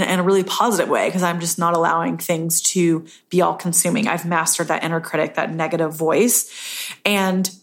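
A woman hosting a casual solo podcast, talking earnestly about self-love and often tagging her points with "right?". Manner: earnest, self-help tone, frequent "right?" tag questions; acts out inner voices in a higher pitch. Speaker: podcast host.

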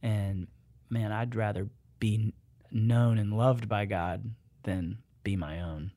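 Animated, joking man in a dry room. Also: on the low side, slow, no room sound. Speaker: guest, author and musician. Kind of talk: casual conversation.

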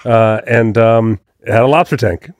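A man's voice: medium pitch, moderate pace, dry recording. A man co-hosting a podcast, chatting casually and acting out quotes as he tells a story. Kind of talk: casual chat.

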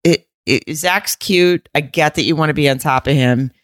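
A low-pitched woman speaking at normal speed co-hosts a podcast, the audio clean studio sound with no room echo. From the Southern United States, she's blunt and rambling in casual chat and swears without hesitation.

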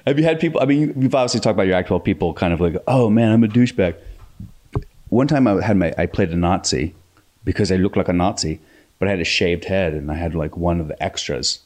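A low-voiced man joins a podcast as a comedian guest. He swears freely and talks in an animated way. He laughs readily throughout the casual chat. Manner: animated, profane and quick to laugh.

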